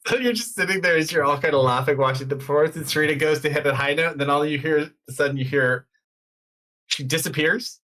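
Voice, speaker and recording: A man narrating as game master of a tabletop game, relaxed and chuckling as he tells the scene. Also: fairly high pitch, fast talker.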